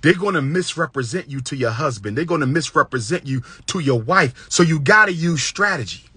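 Male speaker, impassioned lecture, somewhat high voice with a husky edge, booming then hushed, repeats lines for effect. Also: expressive, brisk, no echo. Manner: preacherly, swings between loud high exclamations and low hushed asides; repetitive, emphatic cadence. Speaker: public speaker giving relationship advice.

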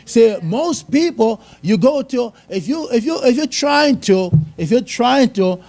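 A man's voice: very high-pitched, animated, unhurried, a little mellow. A man giving a conversational church sermon, asking the congregation questions and chuckling. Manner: conversational, chuckling, asks the audience. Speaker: church speaker. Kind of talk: sermon testimony.

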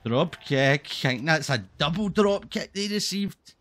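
A man's voice: a little high, expressive, measured pace, fairly bright tone. A man streaming a zombie game, rambling and swearing with lots of laughs. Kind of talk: casual gaming commentary.

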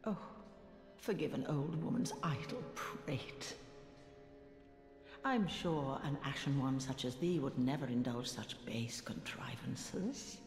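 A woman's voice: extremely low pitch, slow, darkish tone, heavily acted. An actress voicing a sly, teasing old woman shopkeeper in a video game, with archaic, wry speech. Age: older. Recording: echoey game audio with long reverb and faint music.

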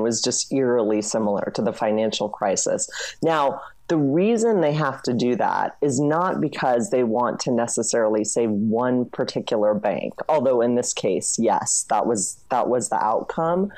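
A woman journalist and author answering interview questions in a brisk, explanatory way. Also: a bass voice, darkish tone. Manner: brisk, explanatory, frequent "you know" and "I mean".

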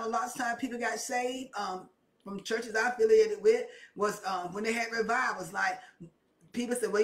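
A woman's voice: on the high side, fairly bright tone. A woman preaching a sermon with impassioned, repetitive emphasis that rises and presses her points. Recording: echoey room, mic at a distance.

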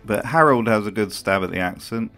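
A man's voice: fairly low pitch, a little fast, a bit bright, soft background music. A man hosts a commentary video in voice-over. His tone is wry and sardonic. He swears freely and in an offhand way. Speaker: video host.

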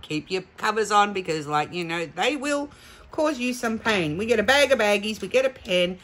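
A woman's voice: medium pitch, pushed and bright, a little hiss or hum. A woman chatting through a craft kit unboxing, gushing and emotional. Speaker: crafting vlogger. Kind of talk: casual unboxing chat.

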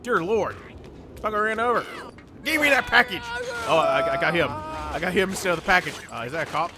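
A young man doing excitable let's play commentary, yelping and laughing as he plays. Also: high-pitched, fairly quick, loud music behind the voice. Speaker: gaming channel host.

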